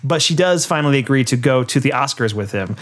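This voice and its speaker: A man co-hosting a casual podcast, retelling a film's scenes in a relaxed way with lots of fillers and laughter. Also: mid-range voice, fast. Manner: laid-back, many fillers, laughs while retelling scenes. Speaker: podcast co-host. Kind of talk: casual chat recapping a film.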